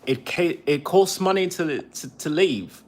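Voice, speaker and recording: A veteran podcaster with a fairly high, expressive voice vents over a cell phone during a casual livestream monologue, halting and repeating phrases as he goes.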